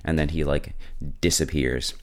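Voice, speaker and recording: A man's voice: a bass voice, steady tone, a little slow. A man hosting a show, casually recapping an episode in a slangy, laid-back way and chuckling often. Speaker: show host.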